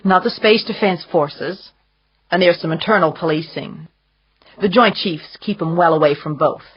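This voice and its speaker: Female narrator reads a worldly, condescending man who drawls his lines; low and husky. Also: normal speed, dull audio. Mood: drawling. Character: amused, urbane older man, teasing and worldly.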